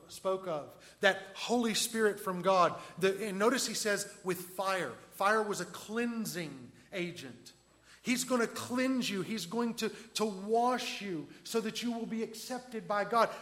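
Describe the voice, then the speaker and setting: A preacher with a high-pitched voice walks his listeners through a passage verse by verse. He talks conversationally, often asking them questions. He swings between loud emphasis and quiet asides. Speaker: pastor. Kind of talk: expository sermon.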